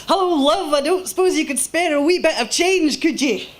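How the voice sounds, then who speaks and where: A woman puts on a kindly Scottish homeless man, broad and friendly, pitched higher and louder than her own low voice. He talks easily, calling people hen and love. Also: animated, normal speed.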